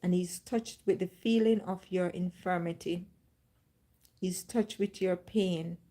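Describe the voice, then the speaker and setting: A woman's voice: on the low side, steady tone, unhurried, warm tone. A woman hosting a livestream, telling a personal faith testimony as a story with dramatic re-enactments. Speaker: livestream host.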